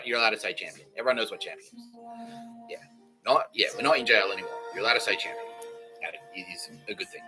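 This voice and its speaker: A man's voice: mid-range voice, bright, forceful tone, rough recording. A man hosting a comedy podcast, rambling through jokes, swearing and laughing at his own lines. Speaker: podcast host.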